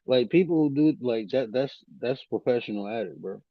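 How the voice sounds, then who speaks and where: Animated man on muffled lo-fi call audio. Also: brisk, dry recording. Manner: animated storytelling, swearing, pitch jumps when quoting. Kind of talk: casual chat.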